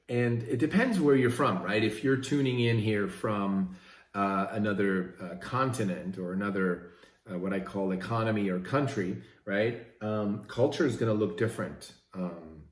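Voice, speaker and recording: A Swiss-born man in middle age speaks to his viewers in a relaxed, chatty motivational talk, often tossing in "right?". His voice sits on the low side. The room adds a noticeable echo. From Switzerland. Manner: conversational, often asks "right?". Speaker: vlogger. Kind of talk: casual motivational talk to camera.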